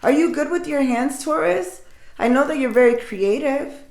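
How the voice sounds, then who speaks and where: A woman, likely middle-aged, giving an intuitive tarot reading and speaking warmly and directly to her listeners as if comforting them. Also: high voice, moderate pace, gravelly. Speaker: tarot reader. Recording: echoey room.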